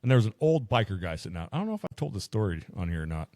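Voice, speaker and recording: Animated swearing man telling stories. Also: on the low side, very fast, no room sound, studio quality. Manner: profane storyteller, acts out quotes. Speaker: podcast co-host. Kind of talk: casual chat.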